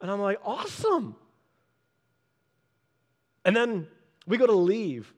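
A man preaching, telling a story in an animated way and acting out the quoted people in changed voices. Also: high-pitched, normal speed. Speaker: pastor. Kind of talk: storytelling sermon. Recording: long hall reverb.

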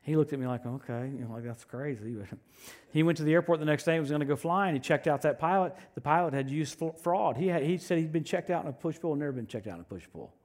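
A man preaching a sermon, telling personal stories with animated swings from loud proclamations to hushed asides. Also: a little high, fast. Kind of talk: sermon with storytelling.

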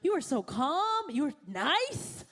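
Young woman pastor, high voice, animated storytelling sermon, acts out her own quotes. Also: slow pace.

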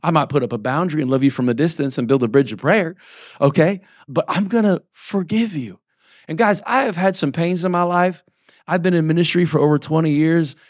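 A man in his forties, his voice on the high side, delivers a sermon as a pastor in an easygoing, talky style, reading scripture between plain remarks and frequently asking "right?" or "okay?". The studio sound is clean, with no room sound.

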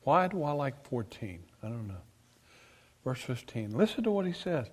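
A male preacher delivering an emphatic sermon, asking his congregation questions and swinging between loud declarations and quiet asides. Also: medium pitch, very animated, moderate pace, breathy edge. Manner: emphatic, rises and drops sharply, asks the congregation questions. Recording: long reverb of a church hall.

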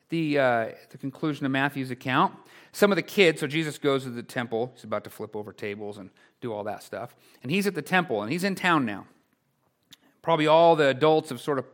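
A male pastor preaching a sermon in a conversational way, full of rhetorical questions, dropping to quiet asides and rising to loud exclamations. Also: fairly high pitch.

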